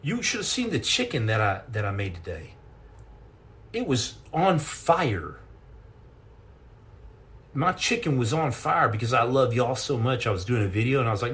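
A man's voice: mid-range voice, big pitch swings, normal speed, long pauses, fairly bright tone. Rambling, jokey man telling stories on a live chat. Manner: rambling, jokey storyteller with many repeated restarts. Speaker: podcast host answering live chat. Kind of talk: casual livestream chat.

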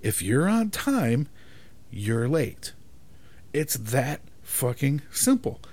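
A man in a profanity-laced rant, speaking to camera, exasperated and emphatic. His voice sits at a middle pitch but swings up and down a lot. He keeps checking in with "right?". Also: big pitch swings, extremely slow, darkish tone. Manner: exasperated, emphatic, swears constantly; keeps asking "right?" for agreement. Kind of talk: profane ranting monologue.

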